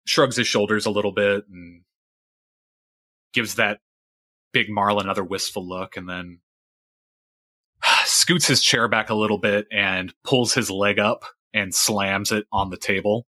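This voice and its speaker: A man narrating as game master in a tabletop game, relaxed and halting. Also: fairly low pitch, no echo.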